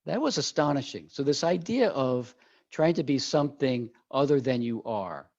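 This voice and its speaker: A man's voice: medium pitch, moderate pace, gravelly, dry recording. A man, an executive coach and author, telling a story in an interview and acting out the dialogue with animation. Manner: animated, acts out quoted dialogue. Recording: dull lo-fi audio.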